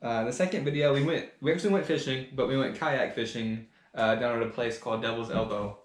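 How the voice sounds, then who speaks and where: A man co-hosting a casual podcast, telling a story in an animated way and laughing as he talks. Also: mid-range voice, fast talker. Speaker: podcast co-host. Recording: echoey room with faint noise.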